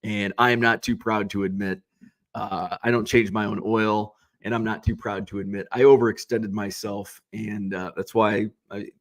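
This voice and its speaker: Hoarse, rambling man recapping casually. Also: fairly low pitch, level tone, moderate pace. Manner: chatty, rambling, many fillers and restarts. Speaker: card show organizer and host.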